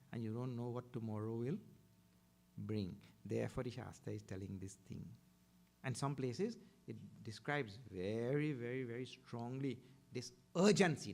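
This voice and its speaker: Indian man giving a lively sermon. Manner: storytelling, acts out other people's voices with big pitch jumps. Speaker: swami giving a spiritual discourse.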